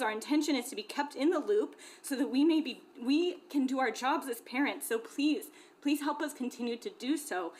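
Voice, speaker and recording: Young woman, from southern california, parent, impassioned, earnest, slightly high voice, podium mic. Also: normal speed, darkish tone. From Glendora, California. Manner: earnest, repeatedly checks in with "okay?". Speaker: parent speaking at public comment. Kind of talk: impassioned public comment. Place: school board meeting room.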